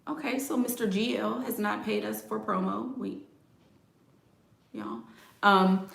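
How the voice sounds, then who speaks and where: A woman's voice: lowish voice, creaky. A woman hosting a casual advice stream, talking directly and sassily to viewers with laughing asides. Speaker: relationship advice livestream host. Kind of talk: casual chat reading viewer comments. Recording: echoey room.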